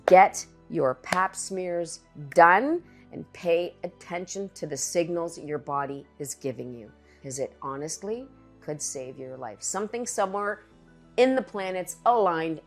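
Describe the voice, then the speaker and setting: A woman's voice: fairly low pitch, unhurried, soft background music. A middle-aged woman candidly telling her own story as a cancer patient, in a conversational personal testimony.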